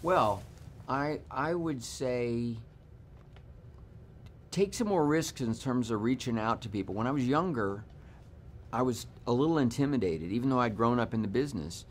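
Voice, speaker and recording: Thoughtful male director, measured. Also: mid-range voice, lively intonation, a little hiss or hum. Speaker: film director guest. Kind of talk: press junket interview.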